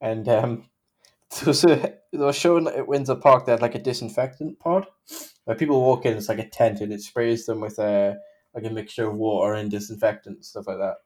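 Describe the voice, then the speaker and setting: A man's voice: medium pitch, warm tone. A man co-hosting a podcast in casual chat, telling jokes while laughing. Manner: giggly, tells jokes with laughs breaking in. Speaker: podcast co-host.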